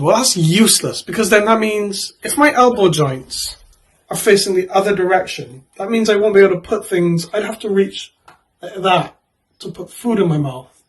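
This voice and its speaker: Man, 20s, husky voice, fairly high pitch, casual vlog, rambling jokey answers. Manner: rambling, joking answers with offhand asides. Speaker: YouTuber. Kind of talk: casual vlog answering would-you-rather questions.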